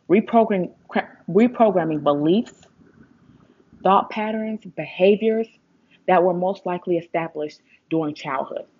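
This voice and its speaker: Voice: mid-range voice, highs cut off. A vlogger giving a blunt, rambling motivational talk, swearing for emphasis and mocking complainers in a whiny voice. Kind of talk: casual motivational monologue.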